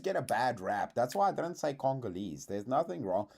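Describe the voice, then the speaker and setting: Animated South African man streaming. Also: mid-range voice, normal speed, creaky. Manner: animated, slangy, says dude a lot, swears. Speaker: streamer host. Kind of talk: casual livestream reaction chat.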